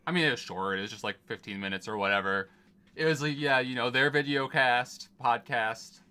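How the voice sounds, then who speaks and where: A man co-hosting a gaming podcast with a bright, forward voice. He chats in a relaxed, wry way and sits at a middle pitch. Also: fairly quick, clean tone. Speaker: podcast co-host. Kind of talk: casual gaming chat.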